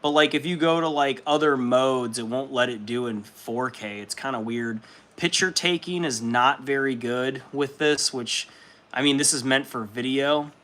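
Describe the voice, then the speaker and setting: A man's voice: medium pitch, bright, forceful tone. A young man hosting a hobby livestream, chatting casually with viewers, laid-back, laughing often and swearing freely. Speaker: livestream host. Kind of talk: casual chat reading viewer comments.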